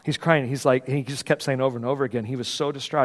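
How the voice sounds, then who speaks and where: A man preaching a sermon, telling a story with lively acted-out voices, moving between loud bursts and hushed moments. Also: medium pitch, fast, few pauses. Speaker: pastor. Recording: long hall reverb.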